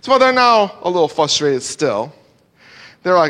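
A man's voice: high-pitched, normal speed, pauses often. A man preaching an expository sermon, swinging his voice up and down for emphasis. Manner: animated, rises and drops sharply for emphasis. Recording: long hall reverb.

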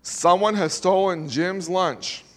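A man voicing a firm but fair old-time schoolteacher who speaks in measured tones. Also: sits high. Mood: stern. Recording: long hall reverb.

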